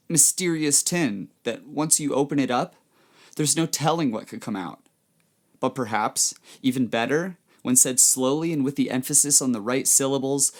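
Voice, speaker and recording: A man hosting his podcast, giving a measured, reflective scripted narration. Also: medium pitch. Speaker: podcast host.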